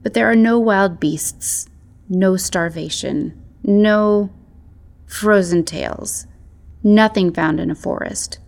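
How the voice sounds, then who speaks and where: A woman voicing a wounded male fox who speaks in a ragged, halting, pleading way in a storybook reading. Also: medium pitch, creaky, darkish tone.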